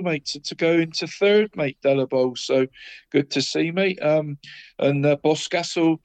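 A man co-hosting a local football podcast, chatting casually with many restarts and "mate" after nearly every phrase. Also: a little high. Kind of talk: casual chat.

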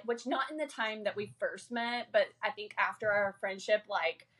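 A young woman co-hosting a podcast, talking fast and energetically and laughing often. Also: medium pitch, fairly bright tone, slightly rough. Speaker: podcast co-host. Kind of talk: casual chat.

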